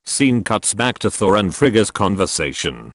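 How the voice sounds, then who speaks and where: Man, reading a retelling aloud, low voice, announces speakers, dry close sound. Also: very animated, normal speed, no room sound.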